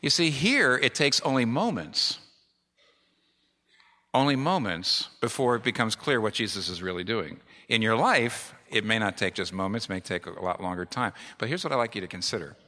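A man's voice: lowish voice, expressive, normal speed, pushed and bright. A middle-aged male pastor preaching a sermon with emphatic repetition. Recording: long reverb of a large hall.

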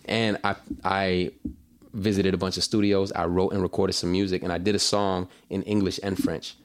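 Chill guy on an interview, lowish voice, rambles a lot with like and you know. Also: little pitch movement, moderate pace. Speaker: singer-songwriter guest. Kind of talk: casual interview chat.

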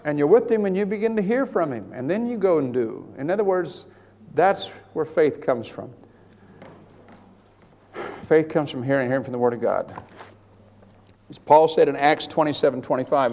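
A man preaching a sermon to a room of listeners, animated, swinging from hushed asides to loud emphatic bursts. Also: mid-range voice, brisk. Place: large hall with an audience. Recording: long hall reverb.

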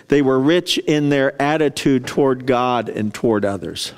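A man's voice: mid-range voice, lively intonation, normal speed, hardly any pauses, smooth. A male pastor preaching a sermon in a chatty, storytelling way, often asking the congregation questions. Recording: long reverb of a large hall.

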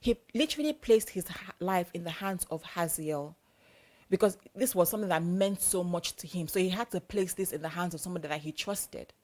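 A woman's voice: lowish voice, brisk, a little mellow. A young adult woman preacher giving a sermon in a conversational, emphatic, repetitive way.

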